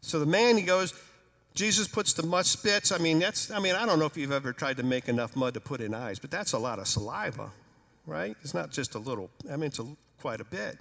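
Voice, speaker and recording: Animated, joking man preaching. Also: a little high, fairly quick, creaky, in a large hall. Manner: conversational, humorous, animated storytelling. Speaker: pastor. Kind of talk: sermon. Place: church sanctuary.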